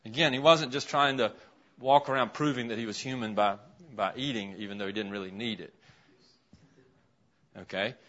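Mid-range and fairly bright, this man keeps a steady tone and moderate pace, pausing often as he teaches the Bible interactively. He quizzes the class while listing items on the board, and the classroom audio is dull and lo-fi.

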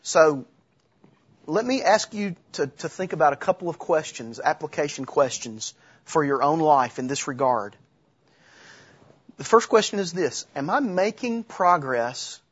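Husky-voiced man preaching conversationally. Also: fairly high pitch, highs cut off. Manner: conversational preaching with restarts and humor. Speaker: pastor. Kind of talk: sermon.

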